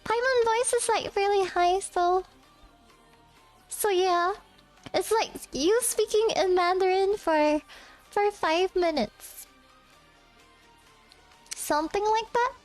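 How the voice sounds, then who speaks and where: A tiny chirpy girl companion with a squeaky, giggly voice, as a woman streamer puts her on. The pitch sits very high. She chats and laughs with the viewers. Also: slow, pauses often, faint music behind.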